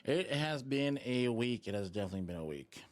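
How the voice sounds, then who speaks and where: A man's voice: mid-range voice, lively intonation, fairly quick. A young man streaming live, chatting and rambling jokingly with his viewers while sucking a lollipop. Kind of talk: casual live-stream chat.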